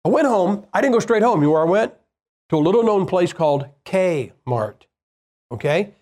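A man's voice: high voice, lively intonation, moderate pace, darkish tone. A man preaching a sermon, telling a personal story in a plain-spoken, conversational way and firing rhetorical questions at the congregation.

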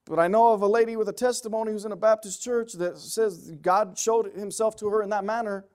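A man preaching a sermon, emphatic, swinging from loud pleading passages to low quiet asides. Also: steady tone, a little fast, clean tone.

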